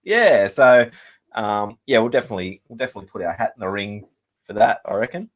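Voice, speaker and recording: A man's voice: on the low side, lively intonation, brisk. A man in his thirties with an Australian accent, hosting a casual chat and rambling through stories with fillers and laughs. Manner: rambling storyteller with many ums and laughs. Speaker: musician and show host.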